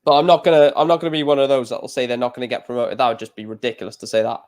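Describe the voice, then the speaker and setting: A man's voice: mid-range voice, fairly even intonation, racing, a little mellow. A man chatting casually over a live darts stream, rambling and getting emotional about football. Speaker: live stream reaction host. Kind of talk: casual live reaction commentary.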